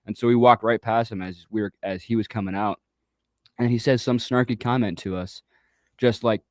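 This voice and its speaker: A man's voice: lowish voice, fairly even intonation, normal speed, dry recording. A man who coaches youth baseball, telling a story in casual chat and acting out the quoted exchanges with animation. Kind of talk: casual storytelling on a talk show.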